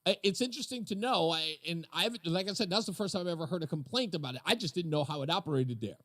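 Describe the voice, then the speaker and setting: A man's voice: a little high, lively intonation, rapid-fire, fairly bright tone, no room sound. A man hosting a call-in radio talk show, chatting casually and telling stories with frequent laughs. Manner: chatty storyteller, laughs often.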